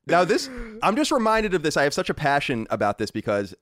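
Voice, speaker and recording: A man's voice: on the high side, a little fast, no echo. A man hosting a casual podcast chat, arguing his points with energy and reading out listener mail. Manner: animated, argumentative, reads listener mail. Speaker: podcast host.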